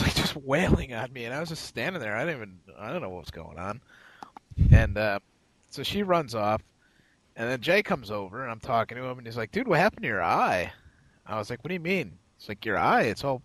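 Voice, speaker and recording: A man's voice: mid-range voice, very animated, brisk, fairly bright tone, dry recording, rough recording. Guy on a podcast rambling thru a crude bar story, voice jumping all over, super dry mic. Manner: rambling, profane anecdote-telling with quoted voices. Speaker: podcast co-host. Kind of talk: casual storytelling chat.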